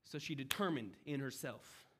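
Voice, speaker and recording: A young man preaching a sermon, animated and conversational, swinging between loud emphasis and hushed asides as he acts out the voices in the story. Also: mid-range voice, moderate pace, breathy edge.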